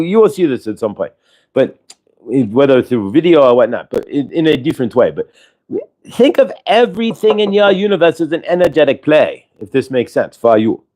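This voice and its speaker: A man's voice: medium pitch, a little mellow. A man hosting a spiritual livestream, speaking as a channeled collective "we" in a rambling, repetitive way and acting out everyday dialogue in quoted voices.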